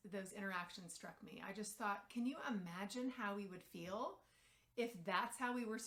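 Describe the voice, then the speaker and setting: A woman's voice: medium pitch, a bit bright. Woman, parent coach, advice talk to camera, conversational storytelling, occasional fillers.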